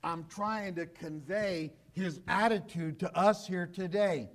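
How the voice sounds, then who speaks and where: A male pastor preaches slowly and emphatically, repeating key phrases and often dropping into a hushed, low voice.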